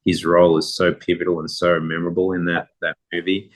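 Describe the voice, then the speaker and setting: Middle-aged male interview guest, low-pitched, rambling, relaxed storyteller. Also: brisk. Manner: rambling, relaxed anecdote-telling. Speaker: guest photographer.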